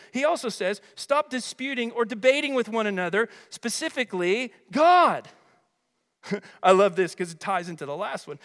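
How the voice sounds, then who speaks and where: A man preaching a sermon as a pastor, energetic and emphatic, with chatty rhetorical asides. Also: high-pitched. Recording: long hall reverb.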